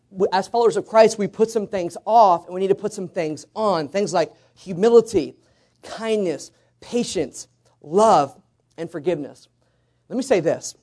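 A man's voice: high voice, a little mellow. A male pastor preaching a conversational sermon in church, coaxing the congregation to call back responses.

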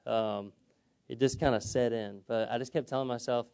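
A young man gives a sermon testimony, telling his story in a relaxed, storytelling way. His voice is mellow and dark, sitting at an ordinary pitch, and he keeps checking in with his listeners. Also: moderate pace, clear, resonant tone. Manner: storytelling, conversational with frequent "okay?" check-ins. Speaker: preacher.

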